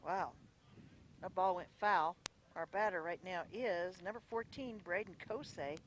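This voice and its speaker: A live radio play-by-play voice calling a small-town baseball game from a windy outdoor ballpark. The delivery is chatty and folksy, checking details aloud and correcting itself, at a middling pitch. Clear background noise from the open-air field sits under the voice. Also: a little slow. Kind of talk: live radio sports commentary.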